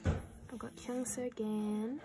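Slow-talking excitable young woman vlogger. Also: a little high, over music. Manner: excitable, nervous, swears casually. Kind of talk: casual unboxing chat.

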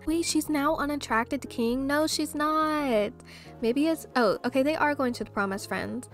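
A young woman casually commenting on her gameplay, chatty and gushing over sweet moments. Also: on the high side. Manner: chatty, gushing reactions to the game. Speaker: gameplay host.

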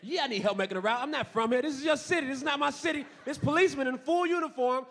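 A man doing a stand-up comedy routine on a club stage, telling stories in a dry, deadpan way with sudden shouted punchlines. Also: very high voice, rapid-fire, creaky. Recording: noisy live comedy club.

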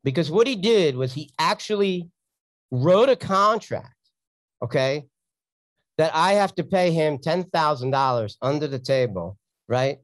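A man's voice: fairly high pitch, animated, measured pace, dry recording. A man, a real estate investor telling a story in a blunt, sarcastic, casual teaching talk.

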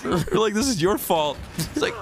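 A man's voice: high voice, normal speed, creaky. Profane young man telling stories. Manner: profane storytelling, animated quoting. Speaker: let's play host. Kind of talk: casual gaming chat. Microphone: desk mic.

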